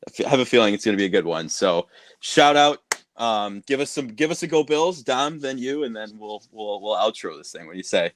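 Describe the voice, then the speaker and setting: A man hosting a podcast in casual chat, relaxed and easygoing. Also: fairly low pitch, fairly quick, no room sound. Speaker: podcast host.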